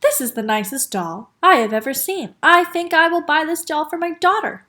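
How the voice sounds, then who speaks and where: A woman's voice: high-pitched, normal speed, sharp tone, voice pushed up. A woman doing a delighted lady shopper. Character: adult woman shopper admiring a doll.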